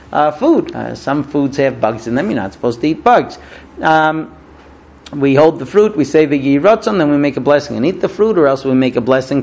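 Here a middle-aged non-native English speaker preaches informally, his voice fairly high and a little mellow. He tells stories, halts and restarts sentences frequently, and acts out the voices of the people he quotes.

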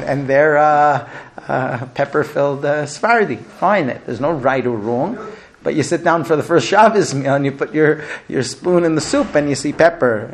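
A man giving a lecture on marriage advice, telling stories in an animated way with many fillers and restarts. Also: fairly high pitch. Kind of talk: lecture with anecdotes.

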